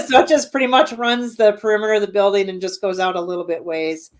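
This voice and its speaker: This Midwestern American woman owns a haunted venue and is chatting casually as an interview guest, rambling with lots of ums. Her voice sits in the mid range and moves at a brisk pace.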